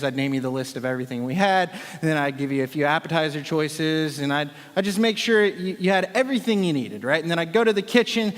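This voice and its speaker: A man's voice: fairly high pitch, expressive, fast, hardly any pauses, long reverb tail. A man, a worship leader, giving a casual, joking sermon talk full of fillers. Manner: chatty, joking, with many fillers.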